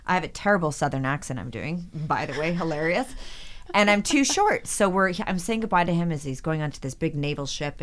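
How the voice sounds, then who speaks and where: A woman in her forties, an actress, telling her career stories in a casual interview and acting out the voices of people she quotes. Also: deep voice. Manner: animated anecdotes, acts out quoted voices. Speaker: actress, podcast guest.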